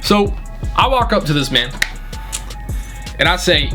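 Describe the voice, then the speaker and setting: A man's voice: on the high side, very animated, unhurried, long pauses, over music. A young man, a restaurant manager, telling a story in a blunt, indignant, casual way and swearing freely.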